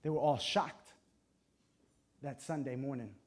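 A pastor with a medium-pitched, steady voice gives an impassioned sermon. He moves back and forth between soft and loud delivery, leaning on dramatic pauses and terse, emphatic phrases.

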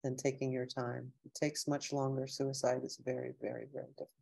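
A middle-aged woman lecturer wraps up an online lecture warmly on a video call, reading chat comments aloud and answering them with heartfelt emotion. Her voice is bass and warm, with little pitch movement, a slightly quick pace, and some vocal fry.

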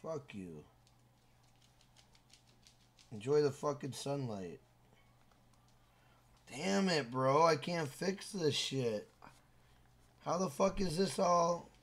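A man live-streaming a video game, loud and casual, swearing often and scolding his son between comments to the chat. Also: a little high, lively intonation, takes it slowly, long pauses. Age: adult with a school-age son.

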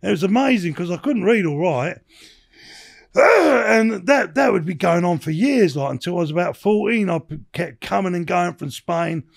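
A sixty-something ex-bare-knuckle boxer guests on a podcast, telling rambling stories in a casual interview while swearing and dropping "you know what I mean" constantly. He speaks expressively at a moderate pace in a high, creaky voice.

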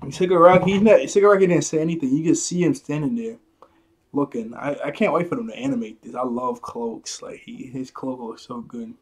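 A man's voice: medium pitch, fairly quick. A man casually reviewing a manga chapter, rambling and restarting his sentences, with chuckles along the way.

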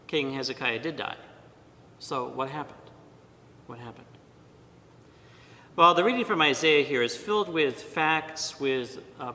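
Priest guy reading at mass, slow and deliberate, bright punchy voice, big echoey church. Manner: measured, deliberate reading with pauses. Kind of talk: liturgical reading and homily. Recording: long church reverb, faint rumble.

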